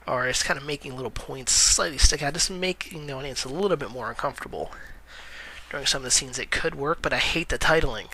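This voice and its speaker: A man's voice: mid-range voice, pushed and bright, a little hiss or hum, poor audio. A man giving casual movie-news commentary in a vlog, rambling with lots of "uh" fillers, correcting himself and chuckling wryly at his own remarks.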